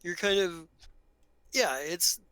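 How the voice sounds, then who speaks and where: Bright-voiced rambling man game master. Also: high voice, takes it slowly, clear, resonant tone, no room sound, rough recording. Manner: rambling, many fillers and restarts. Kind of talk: narrating a tabletop game.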